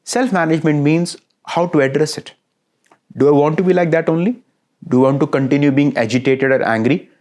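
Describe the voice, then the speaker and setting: Lecturing man, checks in with listeners. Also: on the high side. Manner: lively, asks listeners frequent checking questions; repeats phrases in lists. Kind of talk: recorded classroom lecture.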